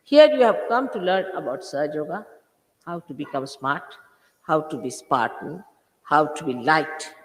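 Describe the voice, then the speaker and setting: Woman, sixties, lecturing and scolding a crowd, lively swinging pitch, old roomy recording. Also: moderate pace. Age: 60s. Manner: scolding, emphatic, full of rhetorical questions. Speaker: spiritual teacher. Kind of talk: spiritual talk to followers. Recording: echoey hall, old 1980s recording.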